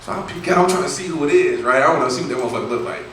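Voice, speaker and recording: A man performs stand-up, spinning a profane, slangy story and slipping into his friends' voices as he goes. His pitch leaps and dips all over the place. The sound is very echoey, taken from far off with steady noise behind him. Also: very fast. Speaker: stand-up comedian. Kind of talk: stand-up comedy set. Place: comedy club stage. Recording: echoey room from far off, noisy.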